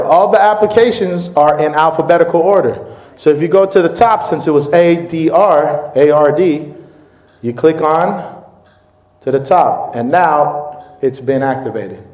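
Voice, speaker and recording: A man, a company CEO, giving a live product demo and sales pitch to a room of distributors, upbeat and informal, often calling them "guys.". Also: normal speed, darkish tone, roomy sound. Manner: upbeat, informal, keeps addressing the crowd as "guys". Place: meeting room with live audience.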